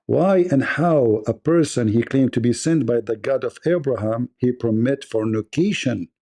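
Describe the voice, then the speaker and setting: A man's voice: mid-range voice, animated, normal speed, few pauses, dark tone. A man hosting a livestream debate, delivering a mocking, combative monologue.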